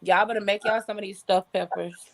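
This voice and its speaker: A woman's voice: mid-range voice, steady tone, fairly quick. Outspoken woman in a loose group chat. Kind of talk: casual group chat on a video call.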